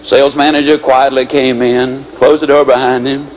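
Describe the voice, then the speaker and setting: A man giving a motivational speech, telling stories in an animated way with big swings in pace and pitch. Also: normal speed, a little hiss or hum, rough recording. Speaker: motivational speaker.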